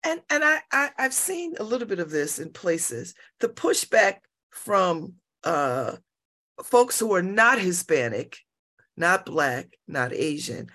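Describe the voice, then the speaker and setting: A woman hosting a radio interview, asking thoughtful questions in a halting way with many fillers and restarts. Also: lowish voice, big pitch swings, bright, forceful tone.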